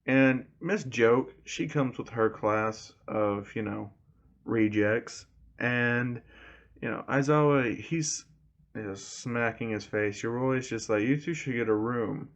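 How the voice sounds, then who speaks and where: A man's voice: mid-range voice, slow pace, highs cut off. A man casually retelling a fan story, rambling with lots of "you know" fillers.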